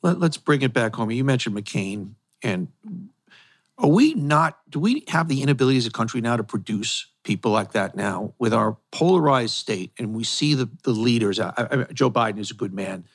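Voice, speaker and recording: A man hosting an interview, asking long questions in an earnest, halting way. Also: medium pitch, lively intonation. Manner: earnest, halting, searching for words. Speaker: host, interviewer.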